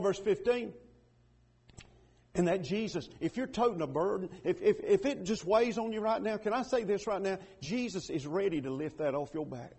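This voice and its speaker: A pastor preaches with a husky edge to his high-pitched voice. He presses his points hard, swelling loud before dropping to a near hush. The delivery is that of a man pleading with his congregation. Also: lively intonation, a little fast. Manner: impassioned, swells loud then drops to a hush. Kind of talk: sermon.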